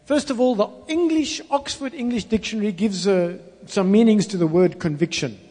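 A man preaching a sermon, stressing words slowly and calling on the congregation to repeat after him. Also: high-pitched, mellow, husky. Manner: call-and-response with congregation; emphatic, slows down to stress words. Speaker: pastor. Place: church hall. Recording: long reverb in a large hall.

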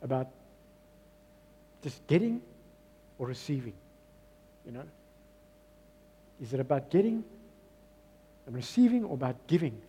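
A man's voice: mid-range voice, big pitch swings, a little slow, pauses often, dark tone, husky, long reverb tail. A man preaching a sermon in a church, emphatic and repeating his key phrases. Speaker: pastor.

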